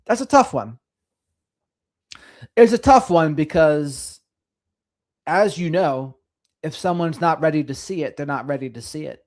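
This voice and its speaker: A middle-aged man hosting a casual livestream, speaking in a slightly higher register for a man. His delivery is sing-songy and lively as he chats with viewers. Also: a little slow, long pauses. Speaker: livestream host. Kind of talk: casual livestream chat reading comments.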